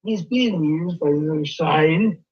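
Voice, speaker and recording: A man's voice: fairly high pitch, measured pace, husky, dull audio. A man on a stream panel, speaking hesitantly with many fillers. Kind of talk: casual chat.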